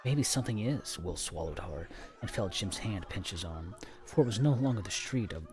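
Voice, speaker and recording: A man's voice: low voice, lively intonation, normal speed, a little mellow. A man reading a novel aloud on a live stream, stumbling over words now and then and stopping for offhand asides.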